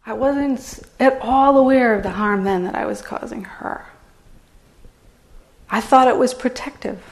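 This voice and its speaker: Gravelly-voiced woman giving a dharma talk. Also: on the high side, measured pace. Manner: candid, conversational, many "you know" fillers. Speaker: meditation teacher. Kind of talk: dharma talk to retreat audience. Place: meditation hall.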